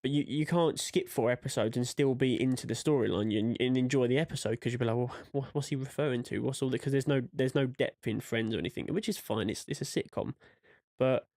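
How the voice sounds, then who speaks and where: A man's voice: mid-range voice, darkish tone, no room sound. Guy co-hosting a podcast, rambly casual chat, acts out bits of dialogue, dry close mic. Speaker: podcast co-host.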